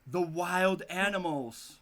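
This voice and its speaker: A man voicing a poor, gentle father in a storybook reading, anguished and pleading. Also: high-pitched, slow, voice pushed up, exaggerated voice.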